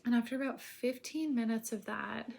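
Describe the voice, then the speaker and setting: Woman telling her birth story, super casual, lots of "like"s, goes soft and whispery sometimes. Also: on the high side, normal speed, creaky, a little hiss or hum. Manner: rambling, heavy filler words, drops to a soft near-whisper at times.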